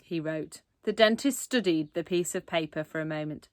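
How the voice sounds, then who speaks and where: A woman's voice: sits low, moderate pace, no room sound. A woman reading a children's book aloud expressively, with asides to young listeners. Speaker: reader.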